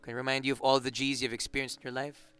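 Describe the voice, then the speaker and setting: Bright, crisp-voiced Filipino man. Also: mid-range voice, fast, dry recording. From Philippines. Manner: relaxed, joking, rambling with restarts. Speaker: band member. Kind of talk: casual interview chat.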